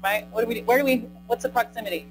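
A woman's voice: a little high, steady tone, racing, background noise. A woman giving a live training lecture, speaking conversationally, tagging "right?" onto her points and asking the audience questions. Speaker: presenter. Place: conference room with a live audience.

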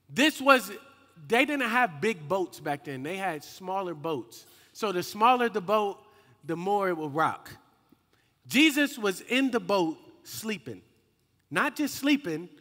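A young man preaching a slangy, call-and-response youth sermon, rising into shouts. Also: high-pitched. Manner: lively and slangy, calls out to the crowd and rises to shouts. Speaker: youth minister. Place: hall with a youth group. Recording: echoey hall with long reverb.

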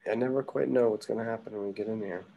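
A man teaching a drawing class, thinking aloud in a relaxed way, with plenty of ums. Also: fairly low pitch, racing, gravelly, highs cut off. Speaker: art teacher. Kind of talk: casual live drawing lesson.

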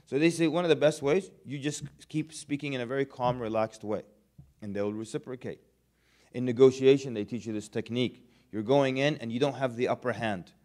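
A man lectures in an easygoing, conversational way, mixing jokes into his points. He acts out quick everyday scenes as he goes, and his voice sits at an ordinary middle pitch for a man. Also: darkish tone. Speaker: Islamic lecturer. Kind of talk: casual lecture to students.

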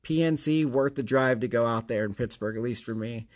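A man's voice: medium pitch, brisk. A man hosting a casual card-opening vlog, chatty and rambling, with a sarcastic streak. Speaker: card collecting channel host.

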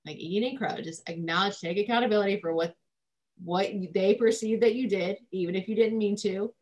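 A woman's voice: medium pitch, fairly quick, darkish tone. A woman family therapist explaining parenting in casual talk, with lots of "um" and "like". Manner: informal, many fillers like "um" and "like".

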